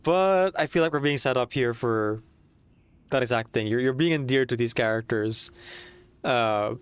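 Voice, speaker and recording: A man's voice: medium pitch, normal speed, smooth. A man streaming a game, chatting casually and rambling with many fillers.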